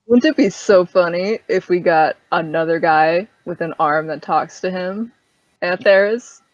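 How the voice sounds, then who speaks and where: Low-voiced woman player on lo-fi audio. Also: unhurried, dry recording. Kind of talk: casual table talk.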